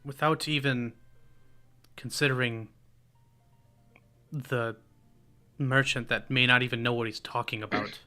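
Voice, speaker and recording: A careworn village farmer, voiced by a man, speaks in a bright, forceful tone. He talks slowly and pleads with worry, unsure why the burden falls on him. It is a character in a tabletop role-play session. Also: medium pitch, steady tone, soft background music. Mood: defensive. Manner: pleading, worried questioning.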